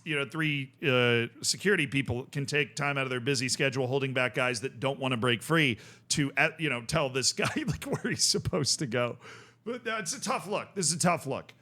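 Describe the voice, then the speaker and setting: Brief: young male host, casual reaction commentary, bright forceful tone, amused and excitable. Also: a little high. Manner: excitable, amused, often breaks into laughter.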